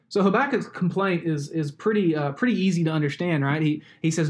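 A man's voice: a little high, brisk, few pauses. A young man from Alabama preaching a sermon in a conversational way, with stories and asides. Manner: conversational, uses sports stories and tag questions. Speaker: pastor.

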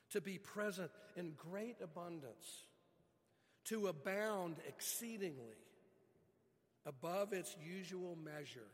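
A man's voice: fairly high pitch, big-room sound. A man preaching a sermon as pastor, earnest, stretching key words for emphasis.

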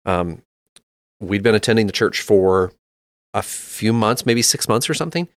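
Brief: man in his thirties, low voice, dry close mic, reflective storytelling tone for a faith chat. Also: lively intonation, moderate pace, no room sound. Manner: reflective storytelling, with frequent restarts. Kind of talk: casual conversation about faith.

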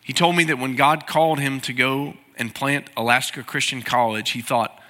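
A man's voice: mid-range voice, fairly even intonation, moderate pace, hardly any pauses, sharp tone. A man preaching a sermon as pastor, earnest and pleading. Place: large church sanctuary. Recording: reverberant sanctuary sound.

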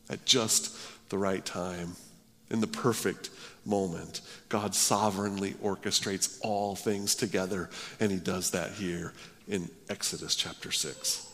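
A man's voice: sits low, fairly even intonation, measured pace, fairly bright tone. Man preaching in a reverberant hall. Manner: emphatic, earnest, rises and drops for stress. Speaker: pastor. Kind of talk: sermon. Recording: long reverb of a large hall.

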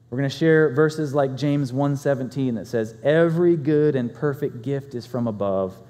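Man preaching a sermon in a reverberant hall. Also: on the high side. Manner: conversational storytelling, animated swings in loudness. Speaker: pastor.

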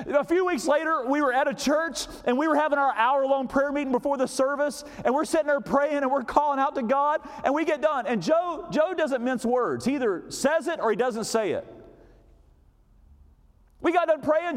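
A man preaching as a pastor, telling a story in an animated way and acting out quoted voices, sometimes dropping to a whisper. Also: very high-pitched. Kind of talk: storytelling sermon. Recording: long hall reverb.

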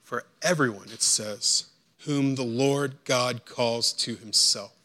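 A man preaching a sermon as pastor, acting out quotes and swinging between hushed, slow lines and loud, urgent ones. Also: mid-range voice.

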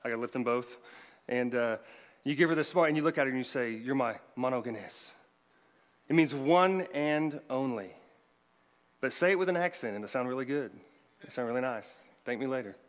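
A man's voice: mid-range voice, fairly quick. A man, a pastor, delivering a conversational sermon with joking asides to the congregation. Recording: long hall reverb.

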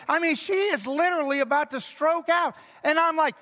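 A middle-aged man preaching a sermon as pastor, animated and conversational, swinging from loud to hushed. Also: very high-pitched, brisk, few pauses. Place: large church hall. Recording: long hall reverb.

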